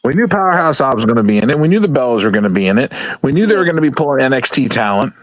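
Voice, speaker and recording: A man's voice: mid-range voice, big pitch swings, rapid-fire, dry recording, poor audio. A man in a casual chat, blunt, profane and sarcastic.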